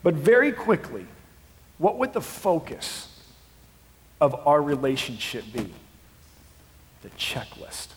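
Impassioned high-voiced male pastor. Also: huge pitch swings, takes it slowly, pauses often. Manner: swings from hushed to impassioned shouting. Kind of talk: sermon. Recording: long hall reverb.

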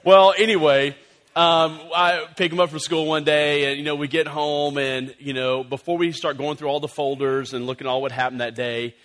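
Man, pastor, casual storytelling sermon, animated, fairly high voice, church service. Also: moderate pace. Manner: animated, conversational, many fillers.

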